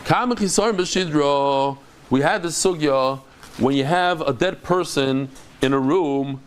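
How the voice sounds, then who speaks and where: A man teaching a daily Talmud class as a rabbi, explaining in an animated, dramatic way with quick restarts. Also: on the high side, a little hiss or hum. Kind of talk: lively Talmud lecture to a live group.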